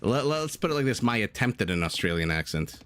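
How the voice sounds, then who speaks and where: A man's voice: lowish voice, very animated, a little fast, fairly bright tone, slight background noise. A man casting a strategy game live, chatting and laughing with his viewers between plays. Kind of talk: live esports commentary with chat.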